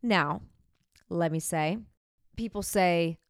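A woman's voice: fairly low pitch, slow pace, no room sound, clean studio sound. A woman hosting a podcast, talking frankly and chattily about herself in a candid self-help monologue. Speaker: podcast host.

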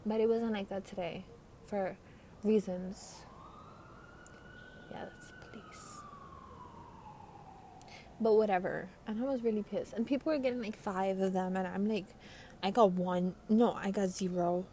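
A woman's voice: mid-range voice, fairly even intonation, moderate pace, warm tone, a little hiss or hum. Rambling slangy young woman, congested. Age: teens. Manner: rambling, slangy, swearing, giggly. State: congested from a cold. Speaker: podcast host. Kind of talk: casual late-night monologue. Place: by a window at night.

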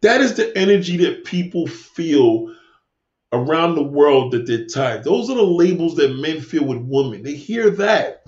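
A man with a high voice hosts a livestream and lectures his chat in a combative, preachy rant, cursing freely and repeating himself. His voice rings in an echoey room, and the recording is dull and lo-fi. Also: sing-song, a little slow, a little mellow. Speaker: livestream host answering chat. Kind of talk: live-stream rant.

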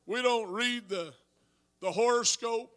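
High-voiced preaching pastor. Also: male voice, slow. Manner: rising to shouted preaching; talks to congregation with asides. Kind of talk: sermon.

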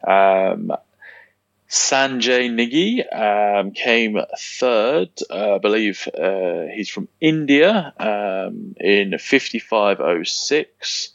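Male podcast host, unhurried and hesitant, low voice, dry lo-fi mic. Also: creaky, dry recording. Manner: relaxed, hesitant, many ums, laughs easily. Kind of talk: casual podcast chat about race results.

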